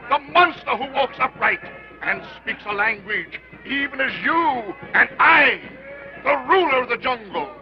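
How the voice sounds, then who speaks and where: Carnival barker, very high, shouty patter, muffled old film sound w/ music. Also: male voice. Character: loud carnival barker, male, brash.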